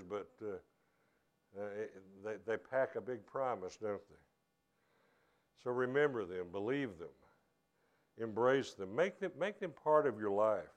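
A man's voice: medium pitch, lively intonation, normal speed, pauses often. Earnest male pastor preaching a sermon. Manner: repetitive restarts, earnest and conversational. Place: church service.

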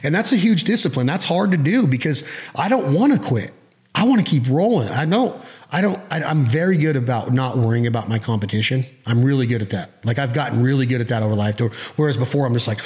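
A middle-aged man hosting a podcast, chatting casually, often acting out his own thoughts in quick quoted bursts and swearing casually. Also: mid-range voice, animated, a little mellow. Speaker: podcast host.

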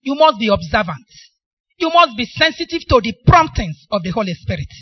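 A woman's voice: on the high side, sing-song, fairly quick, breathy edge, dry recording, lo-fi sound. A middle-aged woman with a Nigerian accent preaching a sermon, emphatic and asking the congregation questions for them to answer.

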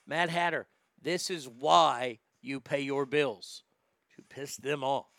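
Profane, bright-voiced ranting man. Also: mid-range voice, slow, creaky, dry recording, studio quality. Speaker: comedian host. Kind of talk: livestream chat reading and ranting.

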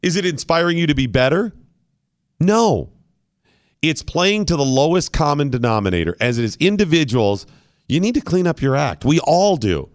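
A man's voice: on the high side, very animated, moderate pace, no echo, studio quality. A male radio host giving argumentative, opinionated commentary and firing off rhetorical questions.

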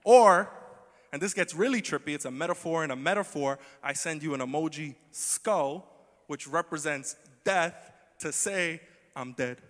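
A man preaching a sermon in a conversational, humorous way, moving between quiet asides and emphatic lines. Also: fairly high pitch, moderate pace. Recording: long hall reverb.

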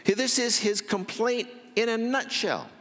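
A man preaching a sermon as pastor, telling the story with drama and dropping from loud to hushed. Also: very high voice, a little slow, long reverb tail.

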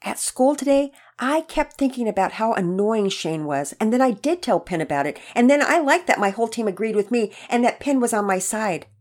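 A woman reading a storybook and voicing an earnest young boy who is eager to make things right, in a high, keen voice. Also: big pitch swings, moderate pace, darkish tone. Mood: remorseful.

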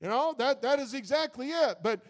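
Male pastor, very high voice, conversational sermon turning fervent, long hall reverb. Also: expressive, a little fast. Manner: conversational preaching that builds to fervent intensity. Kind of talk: informal sermon.

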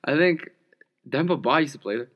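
A man's voice: on the high side, animated, normal speed, fairly bright tone. A young man co-hosting a podcast, talking through games and betting picks in an easygoing way and laughing along. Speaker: podcast co-host. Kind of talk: casual sports-betting chat.

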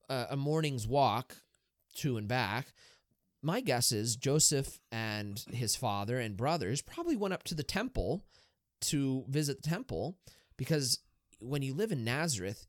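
A male priest co-hosting a casual podcast, explaining with lively energy and tossing out rhetorical questions to the listener. His voice sits in a middle range and sounds dry and close to the mic. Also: medium pitch, normal speed, dry recording. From Erie, Pennsylvania, US. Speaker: Catholic priest and podcast co-host.

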